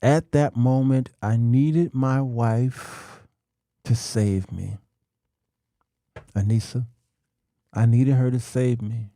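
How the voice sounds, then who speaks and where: A middle-aged man talks to men in a slow, emphatic, sermon-like monologue, stretching his words and pausing for effect. His voice is gravelly and dark, recorded close and dry. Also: medium pitch, fairly even intonation, dry recording. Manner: slow, emphatic, drawn-out delivery with dramatic pauses. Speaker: talk show host.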